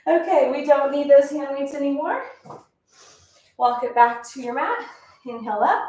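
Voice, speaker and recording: This workout instruction comes from a woman whose high voice is a little mellow and moves at a normal speed. Teaching pilates, she counts reps and offers encouragement while a bit out of breath, recorded in an echoey room by a far-off mic.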